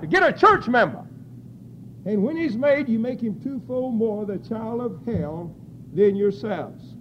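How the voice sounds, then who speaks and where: A man preaching a sermon, crying out scripture at full force and then dropping to quiet, low asides. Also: highs cut off, slight background noise.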